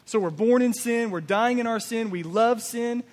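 A man's voice: very high voice, normal speed, long reverb tail. A man preaching a sermon as pastor, emphatic and full of rhetorical questions.

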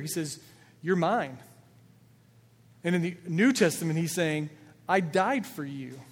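Earnest male pastor in an echoing hall. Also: fairly high pitch. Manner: earnest, builds emphasis, quoting scripture with feeling. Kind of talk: sermon. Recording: long reverb of a large hall.

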